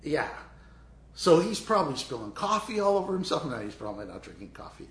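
High-voiced pastor preaching, chatty and animated, lots of acting out, echoey church. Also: male voice, brisk. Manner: animated, conversational, acts out scenes. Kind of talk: sermon.

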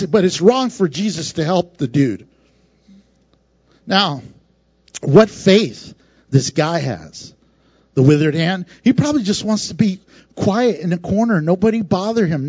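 A man preaching a sermon in a conversational, animated way, laughing often and acting out voices. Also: high voice, no echo, dull audio. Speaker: pastor.

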